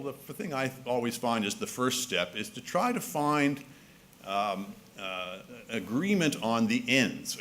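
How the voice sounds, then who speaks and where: A man addresses an assembly in a lively, animated voice that climbs and dips widely. He argues wryly and persuasively, often restarting sentences with fillers. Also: medium pitch. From Canada. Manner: lively, wry, argumentative, with frequent restarts and fillers. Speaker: speaker. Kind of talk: public speech. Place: assembly hall.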